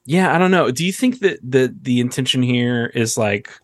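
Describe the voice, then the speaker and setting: A man's voice: medium pitch, expressive, moderate pace, no room sound. A man co-hosting a podcast who thinks aloud in a hesitant, casual way. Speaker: podcast co-host. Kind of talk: casual chat.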